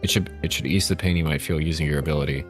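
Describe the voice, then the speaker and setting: A wary figure quietly urges a student to go home and stay unseen, voiced by a man reading in his deep natural voice. The tone is hushed and cautionary. Soft music sits in the background. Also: very fast. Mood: warning. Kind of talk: reading game dialogue on stream.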